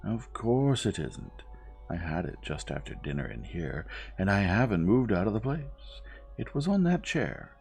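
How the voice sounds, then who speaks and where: A man's voice: fairly low pitch, very animated, unhurried, vocal fry, darkish tone, soft background music, pitched above the performer's own voice, exaggerated voice. A man voicing an imperious, wealthy old woman who snaps out commands in a storybook reading. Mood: snappish. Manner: snapping, commanding. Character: imperious rich old American woman, snappish.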